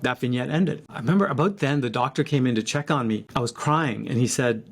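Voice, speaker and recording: A man in his fifties telling a personal story in a reflective, halting way, with frequent restarts. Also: mid-range voice.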